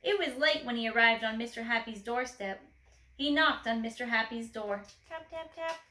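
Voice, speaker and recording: A woman reading a children's storybook aloud expressively, gently asking the listener questions. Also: a little high, moderate pace, reverberant, rough recording.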